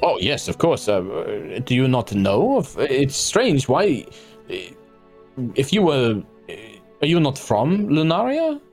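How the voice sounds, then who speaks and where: A man's voice: mid-range voice, huge pitch swings, takes it slowly, darkish tone, faint music behind, pitched above the performer's own voice, exaggerated voice. A man voicing a gracious, formal fae noblewoman who speaks politely with frequent hesitations. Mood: puzzled. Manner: formal, hesitant with many fillers.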